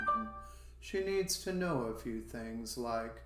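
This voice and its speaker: A man's voice: mid-range voice, expressive, slow, bright, forceful tone, reverberant. A man teaching an English class, demonstrating question intonation by swooping his voice up and down. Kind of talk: online language lesson.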